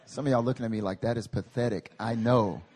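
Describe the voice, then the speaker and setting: A man preaching a sermon at a prayer meeting, animated and conversational, with humorous tangents. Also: mid-range voice, quick pace, husky. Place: meeting hall.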